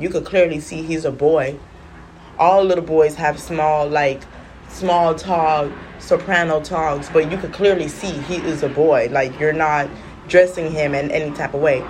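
A young woman, telling stories in a sassy, animated casual rant, coughing now and then. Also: low voice, unhurried, slight background noise. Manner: animated, sassy storytelling with patois slips. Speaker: vlogger. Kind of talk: casual smoking-session rant.

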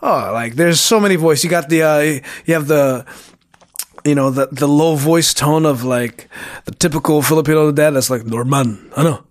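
Animated, swearing guy, somewhat high voice. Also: normal speed, dry recording. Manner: animated storyteller, swears, many fillers. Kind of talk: casual chat.

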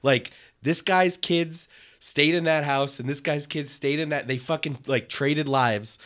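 A man's voice: fairly high pitch, unhurried, a bit bright. A man co-hosting a casual chat, laughing often and telling rambling stories.

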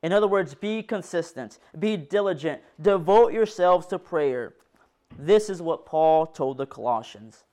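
A man delivers a sermon in a fairly high, smooth and resonant voice. He reads scripture aloud earnestly, pressing some phrases harder and letting others drop low. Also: expressive, a little slow, warm tone. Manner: earnest preaching that reads scripture aloud, rising and falling in force. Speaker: preacher.

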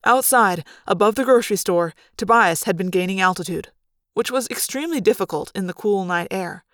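A woman reading a novel aloud in an expressive first-person narration. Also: mid-range voice, fairly quick, no echo. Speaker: audiobook reader. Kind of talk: fan read-aloud narration.

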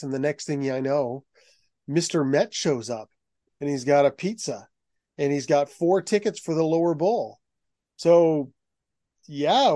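A middle-aged man, a guest author, telling anecdotes in a lively, conversational way. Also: a little high, no echo, studio quality. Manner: lively anecdotal telling, acts out quoted voices. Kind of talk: conversational storytelling.

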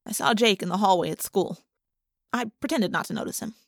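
A woman narrating a first-person audiobook in a brisk, expressive way. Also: mid-range voice, no room sound, clean studio sound.

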